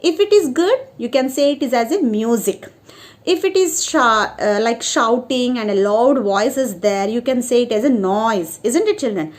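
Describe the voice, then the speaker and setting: Woman, high voice, sing-song primary-school teacher on an online class. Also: lively intonation, moderate pace, a little mellow. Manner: sing-song, keeps asking "isn't it, children?". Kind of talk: online class lesson for children.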